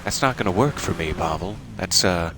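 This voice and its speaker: A game streamer chats and jokes through casual, playful gameplay commentary, with game gunfire noise behind him. His voice is low-pitched and expressive, at a moderate pace.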